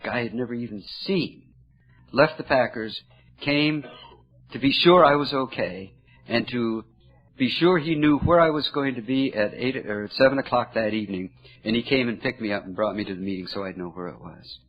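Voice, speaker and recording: Husky older man telling his story. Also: mid-range voice. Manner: earnest, halting, emotional at moments. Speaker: recovery meeting speaker. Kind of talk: personal storytelling talk. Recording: dull lo-fi recording.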